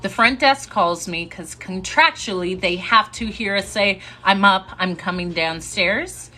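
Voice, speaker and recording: Bright, chatty young woman storyteller. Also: mid-range voice, a little slow. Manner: chatty, animated, breaks into laughs. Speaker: storyteller on a live stream. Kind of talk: casual storytelling to a live audience.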